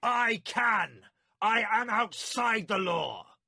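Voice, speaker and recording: A man voicing a young male magician who shouts his commands with defiant, controlled rage. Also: medium pitch, expressive, moderate pace, dry recording, studio quality, lightly acted. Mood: furious shouting.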